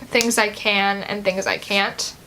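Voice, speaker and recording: A woman's voice: mid-range voice, little pitch movement, slow pace, bright, forceful tone, slight background noise. A teenage girl of about seventeen vlogging a personal story, chatty and loose, with many "like" and "um" fillers. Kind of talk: casual personal story to camera.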